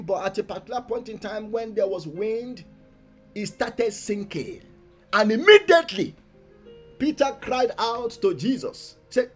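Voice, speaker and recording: Brief: high-pitched male pastor, fervent sermon delivery, soft asides rising to loud declarations, faint music underneath. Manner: emphatic preaching, swinging between soft asides and loud proclamations; repeats key phrases for emphasis. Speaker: pastor leading a morning prayer meeting.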